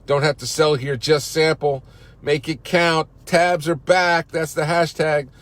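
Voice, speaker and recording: A man's voice: fairly high pitch, steady tone, a little slow. A company CEO, a man, giving a fired-up, salesy pep talk on a live social-media broadcast, outdoors in a park.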